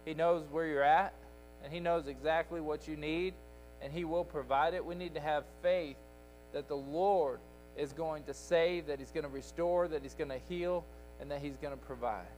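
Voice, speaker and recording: A man's voice: on the high side, steady tone, normal speed, a little mellow, faint music behind, low-quality recording. A man teaching Sunday school in a church, preaching with an emphatic, repetitive cadence. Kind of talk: sermon. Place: church sanctuary.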